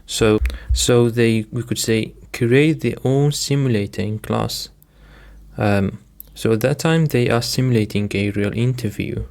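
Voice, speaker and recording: A man's voice: mid-range voice, a little slow, creaky, darkish tone. A man teaching English vocabulary in a patient lesson, repeating each word and its stress and often addressing his "dear listeners.". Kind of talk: slow, deliberate vocabulary lesson.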